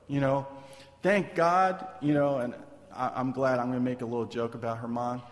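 A man's voice: mid-range voice, normal speed. A man preaching a sermon in a casual, conversational way, often checking in with "right?" and "man". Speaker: pastor. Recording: long hall reverb.

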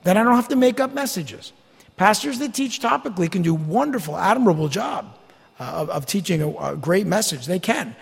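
A male pastor delivers an emphatic, folksy sermon with a high, lively voice and a gravelly edge. His words ring out through a church hall with a long reverb tail. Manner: folksy, emphatic preaching with mocking asides. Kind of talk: expository sermon. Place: church sanctuary.

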